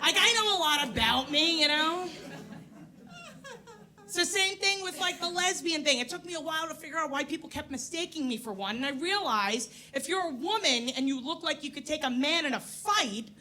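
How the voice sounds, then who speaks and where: Brash high-voiced female stand-up comic. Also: expressive, normal speed. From New York. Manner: brash, crude, self-mocking, loud put-on voices in bits. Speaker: stand-up comedian. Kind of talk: stand-up comedy set. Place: comedy club stage, live audience.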